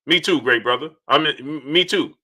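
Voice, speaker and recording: A man with a very bright, high-leaning voice hosts a live stream. He greets his viewers one by one and argues his points in a loose, animated way, circling back over the same lines. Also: normal speed. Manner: animated, repeats phrases, shouts out viewers. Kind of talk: casual live-stream chat reading super chats.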